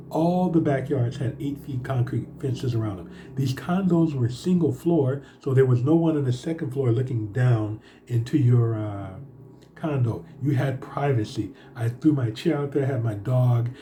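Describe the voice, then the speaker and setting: A man recounts a personal story in a loose, halting vlog monologue, stopping often on fillers. His voice is very dark and mellow. A faint hiss sits under the recording. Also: medium pitch. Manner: rambling, halting, with many fillers. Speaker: vlogger.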